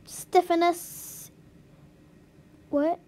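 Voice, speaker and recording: A woman's voice: extremely high pitch, level tone, drawn-out words, darkish tone, in a whisper. A woman vlogging as she works through a language lesson, puzzled and giggly, sounding out new words to herself. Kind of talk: casual commentary while doing a language lesson.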